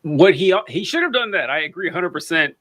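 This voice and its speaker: A man co-hosting a livestream, chatting excitably about a debate and often laughing. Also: a little high, a little fast, no room sound. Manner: excitable, laughs between remarks. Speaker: livestream co-host. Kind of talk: casual political debate chat.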